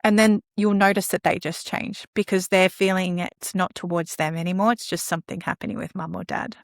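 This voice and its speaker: A woman's voice: on the low side, a little fast, no echo, clean studio sound. A woman talking about caregiving in a conversational podcast, often acting out dialogue with children. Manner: animated, acts out dialogue with children. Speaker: guest speaker on caregiving.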